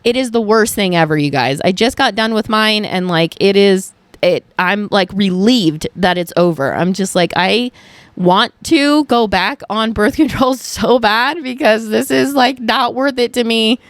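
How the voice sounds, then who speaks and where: A young woman hosting her own podcast, talking frankly in a casual solo chat, animated, swearing and full of fillers. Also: mid-range voice, a little slow, no echo. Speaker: podcast host.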